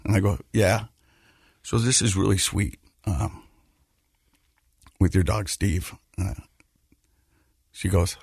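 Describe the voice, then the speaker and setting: A male podcast host telling a personal story in casual conversation, haltingly, often repeating words as he goes. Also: deep voice, fairly even intonation, vocal fry, a little mellow, slightly rough, no room sound, clean studio sound. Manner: halting, repeats words while telling, laughs through lighter moments.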